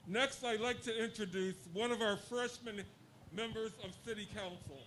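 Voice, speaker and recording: A man from Philadelphia introduces the next speaker at an outdoor rally in a formal way. His voice is fairly high and bright. Faint ambience sits behind him. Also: normal speed, slight background noise, rough recording. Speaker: rally host. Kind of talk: speech introductions.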